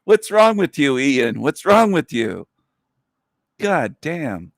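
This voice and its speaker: Man, livestream host, slow, mocking, rambling, dry sound. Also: fairly high pitch, sing-song, creaky, dry recording. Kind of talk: casual livestream monologue.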